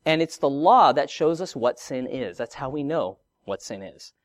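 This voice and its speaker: A man's voice: mid-range voice, expressive, moderate pace, no echo. A middle-aged man preaching a sermon, teaching with everyday examples and rhetorical questions. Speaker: pastor.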